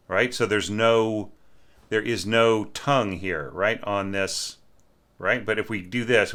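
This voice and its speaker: A man's voice: lowish voice, takes it slowly, a bit bright. A man teaching orchestration, talking casually through a student's score and humming parts with da-da syllables. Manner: thinks aloud, sings lines with da-da.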